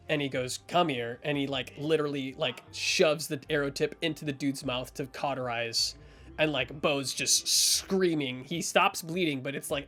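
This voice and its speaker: A man's voice: on the high side, a bit bright. A man narrating as game master in a rambling way, full of fillers and restarts.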